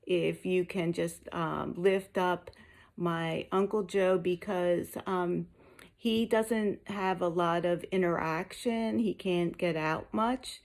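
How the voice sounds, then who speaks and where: A woman's voice: fairly low pitch, fairly even intonation, takes it slowly. A woman giving a candid personal update to her viewers, mildly out of breath and tired, with frequent ums. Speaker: vlogger sharing a health update.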